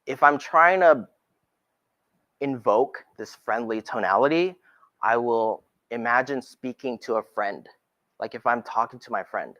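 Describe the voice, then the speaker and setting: A middle-aged man, a realtor, giving a presentation to colleagues, animated and demonstrating different tones of voice as he talks. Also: mid-range voice, a little slow.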